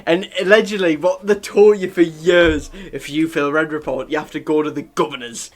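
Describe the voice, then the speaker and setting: A man's voice: fairly high pitch, steady tone, normal speed. A young man with a Sunderland accent chatting casually as a podcast host, rambling through stories, swearing freely and laughing often. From Sunderland, England. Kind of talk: casual chat.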